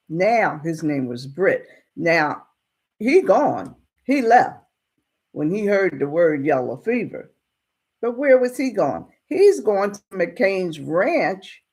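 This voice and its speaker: A woman casually retelling a story in a colloquial, unhurried way. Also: on the low side, darkish tone.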